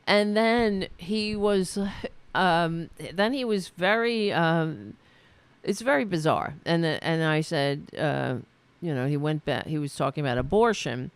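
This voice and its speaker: A woman host talks through a heated story at an unhurried pace, cursing and stumbling through restarts with plain exasperation. Her voice sits a little low and comes across smooth and clear. The recording is dry and close. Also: expressive, no room sound. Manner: profane, exasperated, many restarts and fillers. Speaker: political talk show host. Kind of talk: casual spoken commentary, retelling a debate.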